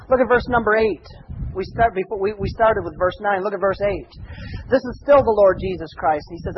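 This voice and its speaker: A man preaching a sermon as pastor, reading scripture and swelling to shouts on key phrases, with folksy asides. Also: very high-pitched, highs cut off, slight background noise.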